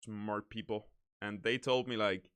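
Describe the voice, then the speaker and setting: A man streaming games, chatting casually in a relaxed, rambling way. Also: on the low side, unhurried, clear, resonant tone. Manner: relaxed, rambling, self-correcting. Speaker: game streamer.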